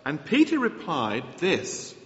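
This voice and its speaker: A male preacher delivers an earnest sermon in a fairly high, lively voice that climbs and falls. He often stops and restarts his phrases. His words ring out in a long, echoey church hall, and the sound is a little dull. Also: slow. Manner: earnest, animated, with frequent restarts. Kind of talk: sermon with Bible reading.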